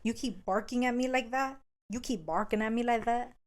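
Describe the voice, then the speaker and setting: A woman playing a brooding, gruff cowboy man in a casual podcast retelling, speaking low and hushed. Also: brisk, close to an everyday voice. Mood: intense.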